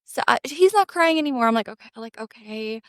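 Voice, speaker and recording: A woman co-hosting a podcast, telling a family story in an animated, casual way with lots of fillers. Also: fairly high pitch, fast talker, dry recording, clean studio sound. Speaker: podcast co-host.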